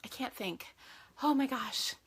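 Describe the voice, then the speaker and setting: A woman's voice: sits high, measured pace, slightly rough. A woman hosting a casual craft livestream from her home craft room, chatting with sing-song greetings and lots of fillers.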